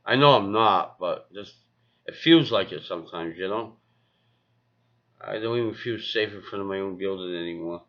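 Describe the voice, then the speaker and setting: A man's voice: low-pitched, normal speed, dull audio. A man rambling in a casual vlog, repeating himself and talking to his cat and his viewers. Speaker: vlogger. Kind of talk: casual vlog talk to camera.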